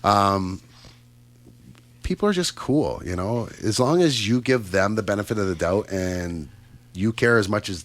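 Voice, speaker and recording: A Canadian man hosting a casual radio chat show, upbeat and chatty with lots of fillers and asides. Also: lowish voice. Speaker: radio host. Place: radio studio.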